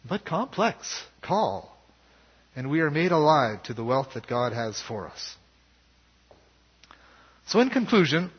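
A man preaching a sermon as pastor, in a measured and earnest way. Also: on the high side, breathy edge. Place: church sanctuary. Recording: dull lo-fi sound with long hall reverb.

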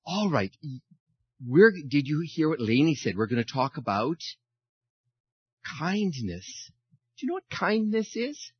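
Animated man telling children a story. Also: fairly high pitch, unhurried, pauses often, husky, no room sound, muffled recording. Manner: animated, friendly, speaks to children. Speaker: pastor leading a children's message. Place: church.

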